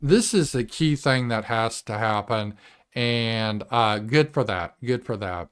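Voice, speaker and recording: A man hosting a live political commentary show, talking casually and animatedly, swearing and mimicking voices in a shrill tone. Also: a little slow, smooth. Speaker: show host.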